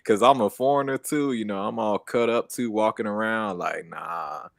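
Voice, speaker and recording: A man's voice: on the low side, normal speed, gravelly, no room sound. A young American man co-hosting a casual streamed chat, laid-back and slangy, laughing often. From United States. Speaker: co-host.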